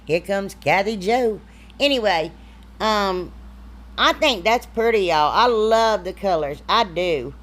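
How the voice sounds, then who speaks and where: Woman, middle-aged craft vlogger, folksy, chatty, mid-pitched, close mic. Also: animated, takes it slowly, a bit bright. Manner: chatty, self-deprecating, drawling. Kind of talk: casual crafting tutorial voice-over.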